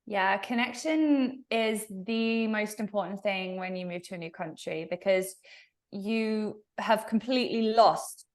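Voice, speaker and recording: A young woman with an English accent, a podcast guest telling animated stories in a casual interview and laughing often. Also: medium pitch, a little slow. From England.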